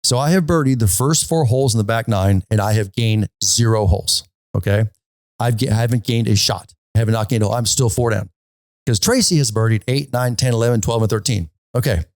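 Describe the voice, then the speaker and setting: A man's voice: lowish voice, fairly quick, no echo. A man hosting a golf podcast, telling a story casually and animatedly, often stopping to ask "okay?". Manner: animated, repeats himself, often asks "okay?".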